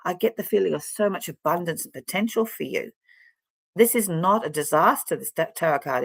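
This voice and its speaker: A woman's voice: lowish voice, creaky, husky, no room sound. A woman giving a casual, chatty tarot card reading straight to the viewer, rambling and speaking to them directly. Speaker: tarot reader.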